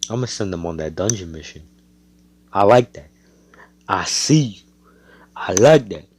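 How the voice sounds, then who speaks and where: A man's voice: sits low, animated, a little slow, a little mellow, a little hiss or hum. A man doing a sly, scheming old ruler.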